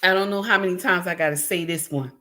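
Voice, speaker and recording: A middle-aged woman, giving an impassioned commentary monologue, repeating her points and shouting for emphasis. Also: on the low side, fast talker. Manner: preachy, repeats lines for emphasis, shouts at times. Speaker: commentary vlogger.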